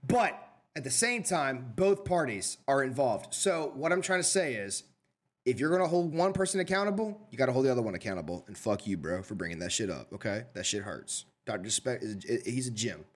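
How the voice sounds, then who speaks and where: A young man co-hosting a casual podcast, telling crude, animated stories full of swearing. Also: mid-range voice, a little fast. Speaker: podcast co-host. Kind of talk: casual chat.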